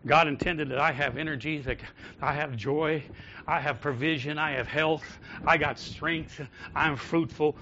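A pastor preaching a sermon in a church, rising to loud calls and dropping to soft, prayerful tones. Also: male voice, a little high, fairly even intonation, a little slow, highs cut off, a little hiss or hum. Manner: swings from loud exhortation to soft intimate prayer. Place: church sanctuary.

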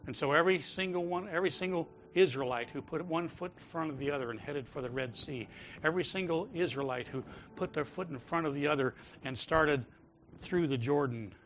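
A pastor preaching a sermon in a church, rising to loud calls and dropping to soft, prayerful tones. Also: male voice, fairly high pitch, gravelly, highs cut off. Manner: swings from loud exhortation to soft intimate prayer. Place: church sanctuary.

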